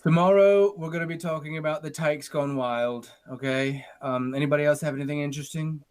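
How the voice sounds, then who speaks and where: A man's voice: a little high, steady tone, a little fast, clear, resonant tone, lightly acted. A man doing a put-on British accent as a haughty news director who calls people darling, in online improv. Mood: brisk. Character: brusque male British news director, smug boss. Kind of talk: improv comedy. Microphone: home video call.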